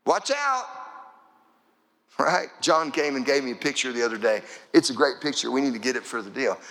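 A man's voice: mid-range voice, quick pace, fairly bright tone. A male pastor preaching a sermon in church, building momentum with rhythmic, repeated phrases. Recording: echoey church hall.

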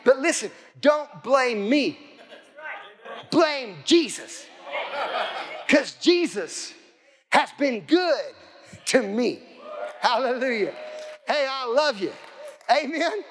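A middle-aged male pastor preaching a sermon, fervent and often shouting, calling out for amens from the congregation. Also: high voice.

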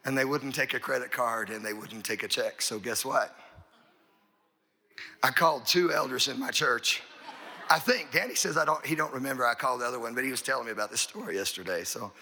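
A man's voice: mid-range voice, fairly quick, pushed and bright. A middle-aged man, a pastor, telling a long folksy story in a sermon, rambling and repeating his words.

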